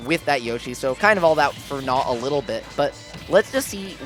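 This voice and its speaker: A man's voice: mid-range voice, animated, fairly quick. A man doing live play-by-play commentary on a fighting-game match, calling out moves and damage percentages. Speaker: esports commentator. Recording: music playing behind.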